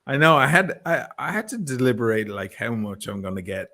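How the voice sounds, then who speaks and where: An Irish man talking as a guest in a casual chat, telling stories in an animated way and swearing freely. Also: medium pitch, brisk. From Ireland.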